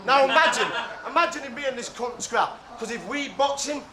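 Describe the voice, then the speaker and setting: Rapper dude, high voice, taunting bars, rowdy crowd in the back. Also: male voice, normal speed. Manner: taunting rhythmic delivery, laughs at own lines. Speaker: battle rapper. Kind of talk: live rap battle verse. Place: battle venue before a live crowd. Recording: loud crowd behind a live battle.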